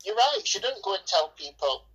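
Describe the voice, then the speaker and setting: A woman's voice: mid-range voice, very animated, fairly quick, fairly bright tone, slightly rough, rough recording. An Englishwoman chatting bluntly and enthusiastically about a film, swearing freely. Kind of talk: casual film review chat.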